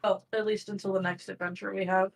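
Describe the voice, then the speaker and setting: A woman's voice: mid-range voice, little pitch movement, fast talker, gravelly. A woman playing a tabletop role-playing game, speaking in character and teasing the others. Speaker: player. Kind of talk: tabletop role-play banter.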